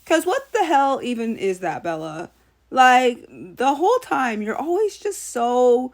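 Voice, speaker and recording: Sassy woman ranting on her vlog, slightly high voice, lively and mocking. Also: unhurried. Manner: animated, sassy, mocks characters in put-on voices. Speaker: channel host. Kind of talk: casual opinion vlog.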